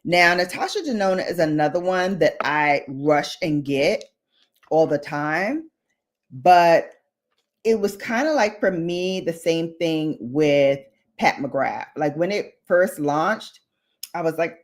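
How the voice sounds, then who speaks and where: A woman with a deep voice hosts a relaxed makeup livestream. She talks in an unhurried way, reads out comments from her viewers and wanders onto tangents. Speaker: beauty vlogger hosting a livestream. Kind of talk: casual chat while doing makeup.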